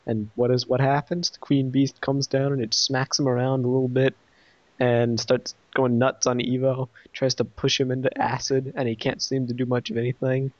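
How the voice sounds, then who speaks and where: A man's voice: mid-range voice, flat delivery, moderate pace, no echo, dull audio. A man casually reviewing an episode, retelling the plot in a rambling way and voicing quoted lines.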